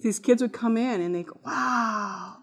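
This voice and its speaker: A woman giving a spoken testimony to an audience about her time teaching in a GED lab. She tells it as an animated story, acting out the other people's voices. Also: on the high side, brisk. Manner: lively storyteller who acts out voices and laughs.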